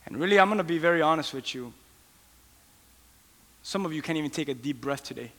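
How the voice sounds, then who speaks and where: Impassioned preacher in a reverberant hall. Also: male voice, a little high, expressive, brisk. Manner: impassioned, rising to near-shouted pleas. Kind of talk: sermon.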